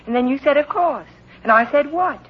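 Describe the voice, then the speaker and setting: Teasing wife, high and playful, old muffled radio sound. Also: female voice, lively intonation, brisk. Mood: coaxing. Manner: playful, coaxing, light. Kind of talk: 1940s radio comedy acting. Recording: dull old radio recording with faint hiss.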